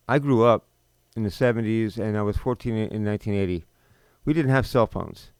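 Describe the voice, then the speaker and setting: Indignant middle-aged man, smooth and dry. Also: fairly low pitch, no room sound. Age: 50s. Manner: indignant, rambling, with frequent restarts and rhetorical questions. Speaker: podcast host. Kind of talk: unscripted monologue.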